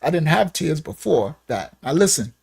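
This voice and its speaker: A man's voice: fairly high pitch, big pitch swings, normal speed, creaky, darkish tone, husky. A man giving a personal testimony in casual, slangy speech, often checking in with "right?", earnest and emotional. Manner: casual slangy talk with frequent "right?" tags. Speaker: ministry speaker giving a testimony. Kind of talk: personal storytelling.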